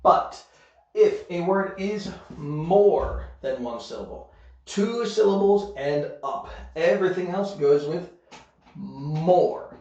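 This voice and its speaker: Slow, slightly high-voiced male teacher, patient explainer, muffled roomy sound. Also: animated, darkish tone. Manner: patient, explains step by step with frequent "okay?". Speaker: English teacher. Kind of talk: recorded online lesson. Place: Korea. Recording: echoey room, muffled sound.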